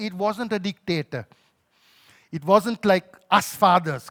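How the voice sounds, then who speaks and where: A male pastor with a Sri Lankan accent preaching a sermon, telling a personal story with emotion and moving between loud pleading and quiet, soft moments. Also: sits high, moderate pace.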